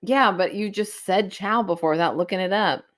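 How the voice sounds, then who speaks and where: A woman's voice: mid-range voice, normal speed. A woman co-hosting a podcast in casual chat, giggly and encouraging. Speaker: podcast co-host.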